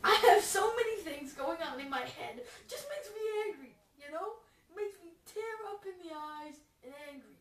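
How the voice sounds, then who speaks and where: A woman's voice: very high-pitched, expressive, moderate pace. A woman improvising a goofy, rambling parody voice-over of a preacher, full of restarts. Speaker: fan voice-over comedian. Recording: roomy echo, far from the mic.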